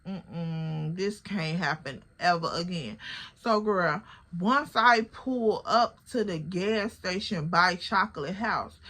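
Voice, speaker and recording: Animated young woman spilling a story. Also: mid-range voice. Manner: animated, slangy and profane, addresses viewers as girl. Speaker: vlogger telling a storytime. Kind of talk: casual storytime chat.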